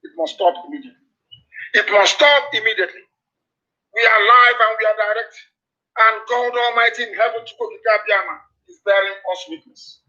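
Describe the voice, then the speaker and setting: Male broadcaster, high tense voice, repetitive threatening delivery, lo-fi sound. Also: steady tone, brisk. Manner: forceful, repetitive warnings. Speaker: political broadcaster. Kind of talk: fiery live radio address. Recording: dull lo-fi broadcast audio.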